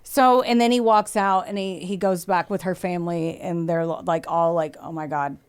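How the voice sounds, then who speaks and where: A woman's voice: lowish voice, steady tone, normal speed, smooth. A woman hosting a podcast, telling a true-crime story in a casual, swearing, chatty way and acting out what people said. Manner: swears freely, acts out quotes, laughs often. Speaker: podcast host.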